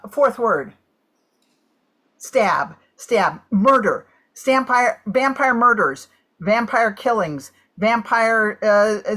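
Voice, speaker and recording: A woman calls out guesses in a party game at an unhurried pace, stopping and starting between words and filling gaps with "uh". Her voice sits mid-range. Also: mid-range voice, a bit bright. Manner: guesses aloud in halting bursts with many fillers. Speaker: game player.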